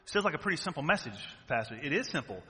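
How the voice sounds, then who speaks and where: A man's voice: fairly high pitch, very animated, fast talker, bright, forceful tone. A man preaching a sermon as pastor, emphatic and full of rhetorical questions. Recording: long church-hall reverb.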